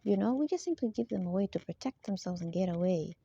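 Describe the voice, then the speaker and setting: A woman's voice: mid-range voice, expressive, quick pace, creaky, mellow, slightly rough, no room sound. A woman in a rambling monologue who keeps asking for agreement and laughs between her points. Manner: rambling, repeatedly seeks agreement. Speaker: spiritual vlogger. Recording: dull lo-fi dry sound.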